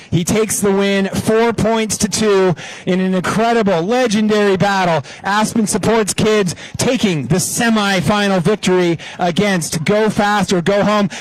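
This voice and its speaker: Excitable high-voiced male race commentator. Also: no room sound, poor audio. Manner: excitable, builds to exclamations. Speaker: sports commentator.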